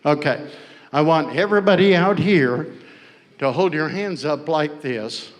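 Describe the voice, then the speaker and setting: A man's voice: on the high side, unhurried. A man teaching words to children call-and-response style, coaxing and playful, often repeating his instructions. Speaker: language teacher at a powwow. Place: large indoor hall. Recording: long hall reverb, faint ambience.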